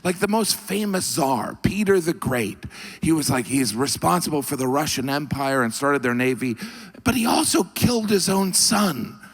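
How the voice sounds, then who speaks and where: A middle-aged man doing a deadpan stand-up routine on stage. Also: on the high side, moderate pace, husky. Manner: deadpan, puts on mock Russian voices in quotes. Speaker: stand-up comedian. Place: comedy stage before a live audience.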